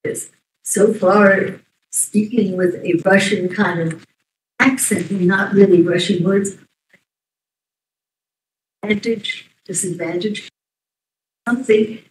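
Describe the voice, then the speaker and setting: A woman's voice: mid-range voice, steady tone, slight background noise. Hesitant woman testifying in a roomy courtroom. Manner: halting, trailing off mid-sentence. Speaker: expert witness. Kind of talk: courtroom testimony under cross-examination. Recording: roomy, distant courtroom audio.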